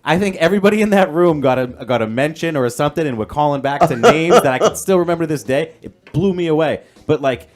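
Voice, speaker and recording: A man's voice: a little high, expressive. A man hosting a casual chat, talking loosely with lots of "like" between his words. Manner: quick, loose talk with many "like" fillers. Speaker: host.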